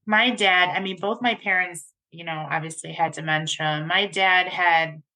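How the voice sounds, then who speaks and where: A woman co-hosting a podcast, talking in a casual, earnest and halting way with many restarts. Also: lowish voice, steady tone, bright, forceful tone. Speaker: podcast co-host.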